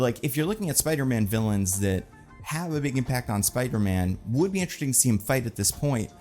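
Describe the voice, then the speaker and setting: A man's voice: on the low side, darkish tone. A man hosting casual, rambling movie commentary in a sarcastic, joking tone with lots of fillers. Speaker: film commentary host.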